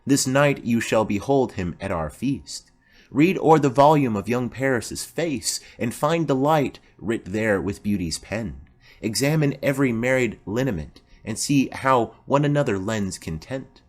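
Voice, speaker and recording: A man's voice: mid-range voice, expressive. A man voicing a formal, commanding noblewoman mother in an audiobook play reading. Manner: formal, measured.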